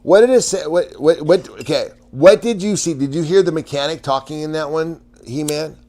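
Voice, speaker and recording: A man's voice: on the high side, moderate pace, mellow. A man hosting a casual livestream, chatting with viewers in a rambling way, often stammering, restarting and laughing.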